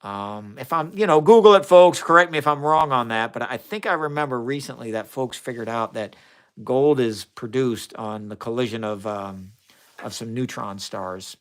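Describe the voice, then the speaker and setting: A man's voice: mid-range voice, normal speed, clear, resonant tone. A man with a Midwestern accent, hosting a casual science live stream from his chemistry lab. He rambles in a friendly way and answers viewers' chat comments, speaking into a phone camera. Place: home chemistry lab, indoors. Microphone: phone camera, flipped around during the stream.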